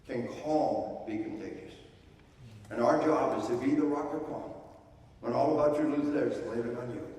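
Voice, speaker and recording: An older man giving a live seminar lecture, leading a slow counted breathing drill in a folksy, commanding way. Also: fairly high pitch, mellow. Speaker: seminar speaker. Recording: echoey hall from far off.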